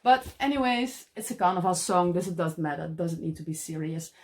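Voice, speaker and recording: A middle-aged woman with a Dutch accent, showing her cross-stitch in a casual vlog and often pausing to find her English words. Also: lowish voice, expressive, darkish tone. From Netherlands. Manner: halting, searching for English words. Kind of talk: casual show-and-tell vlog.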